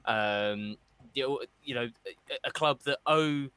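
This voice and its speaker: A man's voice: mid-range voice, takes it slowly, sharp tone, clear, resonant tone, no echo. A man co-hosting a casual football chat show, ranting and mocking with put-on voices. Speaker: podcast co-host.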